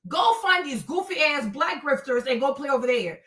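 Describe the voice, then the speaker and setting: A woman's voice: sits high, lively intonation, normal speed, bright, forceful tone, echoey room, far from the mic. A woman hosting a livestream, profane and confrontational, mocking the commenters she addresses. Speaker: livestream host. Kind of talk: heated livestream rant at commenters.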